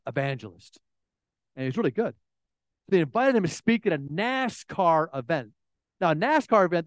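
Lively, dry-voiced man preaching a sermon. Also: on the high side, no room sound. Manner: animated storytelling with frequent restarts. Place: room with an audience.

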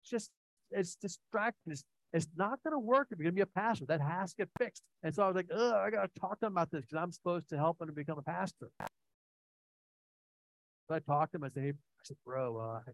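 A man's voice: sits high, quick pace, low-quality recording. A man preaching a sermon, earnest and conversational, telling personal stories with frequent restarts and fillers. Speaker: pastor.

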